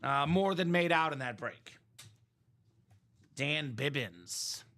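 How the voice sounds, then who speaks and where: High bright-voiced male break host. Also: takes it slowly. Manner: energetic, rambling, explains values with many asides. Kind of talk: live-stream sales chat.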